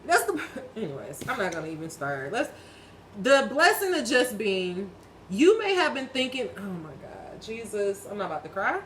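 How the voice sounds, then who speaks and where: A woman in her thirties with a slightly high voice delivers a spiritual pep talk as a tarot reader. She is blunt and preachy, swears freely, and speaks straight to her viewers. A faint hiss sits under her voice. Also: very animated, normal speed, fairly bright tone, rough recording. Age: 30s. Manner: emphatic, blunt, heavy swearing; preachy, talks straight to the listener.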